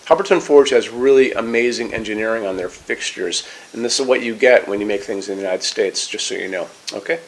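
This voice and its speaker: A man's voice: fairly low pitch, a little fast, hardly any pauses, poor audio. A middle-aged man in a lighting showroom, casually walking viewers through a pendant fixture step by step. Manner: chatty, explanatory, step-by-step instructions. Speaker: lighting showroom product presenter. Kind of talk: casual product walkthrough.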